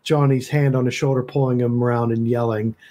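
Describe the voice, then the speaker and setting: A man's voice: medium pitch, flat delivery, fairly quick, warm tone. A man playing a tabletop game, eagerly describing his character and asking the game master questions. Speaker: player. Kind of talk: casual tabletop play.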